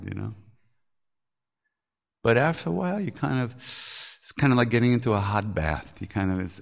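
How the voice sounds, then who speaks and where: A man with a rough, gravelly edge to his voice, pitched on the low side, shares stories in an informal spiritual talk. He is frank and earthy and swears casually. He pokes fun at himself with easy laughter. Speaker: spiritual teacher telling stories.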